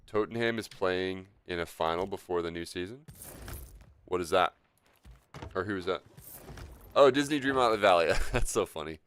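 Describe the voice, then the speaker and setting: A man casually commentating his game stream, relaxed and rambling, often chuckling as he talks. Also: low voice, moderate pace, pauses often, slight background noise.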